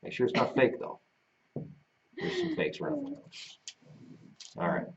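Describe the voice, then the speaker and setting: A man's voice: extremely high pitch, wildly swooping pitch, measured pace. A joking male co-host whose voice rises and falls a lot as he teases. He sounds a bit far from a dull mic. It is casual live-stream banter from a home studio. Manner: joking, teasing, self-deprecating. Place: seated on a small love seat in a home studio.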